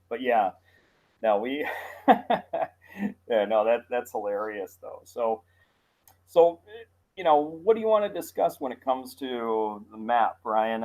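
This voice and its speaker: A man with a Midwestern American accent co-hosting a casual podcast, talking haltingly with many restarts. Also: mid-range voice, a little mellow. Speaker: podcast co-host.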